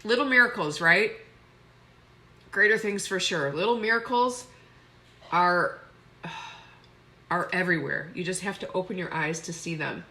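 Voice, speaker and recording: Gushing bright-voiced woman on a live makeup stream. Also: on the low side, unhurried, pauses often. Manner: effusive, gushing, chatty. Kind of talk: casual live makeup tutorial.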